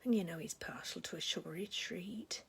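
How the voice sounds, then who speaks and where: A woman whispers in a lowish, very breathy and husky voice at a moderate pace, fully in character as a gossipy, sentimental older village lady. The comic monologue is chatty and rambling.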